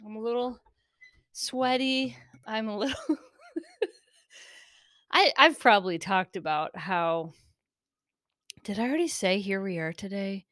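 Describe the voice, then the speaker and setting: A woman with a medium-pitched, fairly bright voice talks a little slowly, leaving long pauses, in dry, studio-quality audio. Hosting a casual podcast on her own and a bit caffeine-jittery, she's rambling and giggly, often cutting herself off.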